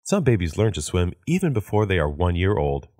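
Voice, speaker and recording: A man reading English practice sentences aloud in a measured way for learners. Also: low voice, big pitch swings, darkish tone, no echo, clean studio sound. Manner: measured, repeats each sentence after the woman. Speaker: English phrase reader.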